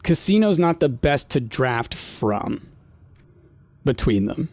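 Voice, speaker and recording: A man's voice: mid-range voice, big pitch swings, slow pace, a little mellow, no room sound. A man casually commenting on his gameplay, thinking aloud with lots of fillers and talking to his chat. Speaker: gameplay streamer. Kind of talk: casual let's-play commentary.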